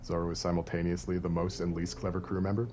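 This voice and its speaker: Low-voiced man joking through a stream. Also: level tone, quick pace, noisy background. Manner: joking, playfully boastful, laughs often. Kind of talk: casual live-stream commentary.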